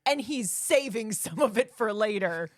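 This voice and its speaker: A woman's voice: fairly high pitch, lively intonation, normal speed, dry recording, clean studio sound. A young adult woman co-hosting a podcast, chatting bluntly and opinionatedly about a movie and swearing casually. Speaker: podcast co-host. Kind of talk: casual movie review chat.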